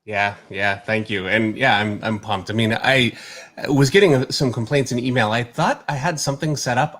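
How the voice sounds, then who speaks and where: A man's voice: mid-range voice, fairly bright tone. A Canadian man hosting a drawing livestream, chatty and easygoing. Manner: chatty, laughs easily. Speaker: artist and host. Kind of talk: casual livestream chat.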